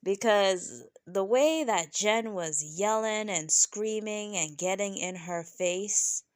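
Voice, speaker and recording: A woman reviewing a reality show in casual, opinionated talk, animated and often tagging "right?" onto her points. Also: takes it slowly, clean tone, no echo, clean studio sound. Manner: animated, keeps asking "right?"; laughs often, mimics people in high voices.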